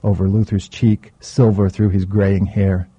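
A man reading an audiobook in the first person, with a dark, mellow voice and a husky texture. The sound is dry, with no room around it. The audio is dull and lo-fi. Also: deep voice, little pitch movement, unhurried, no room sound. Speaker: narrator. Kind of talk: audiobook narration.

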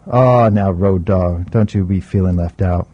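A man's voice: sits low, a little slow, dull audio. A man voicing a graying, streetwise older man who talks in a laid-back, teasing drawl.

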